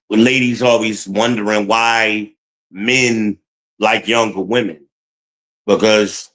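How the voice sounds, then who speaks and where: Unhurried man, blunt and profane livestream advice rant. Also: lowish voice, fairly bright tone, poor audio. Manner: blunt, heated, profane, talks to chat. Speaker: streamer giving relationship advice.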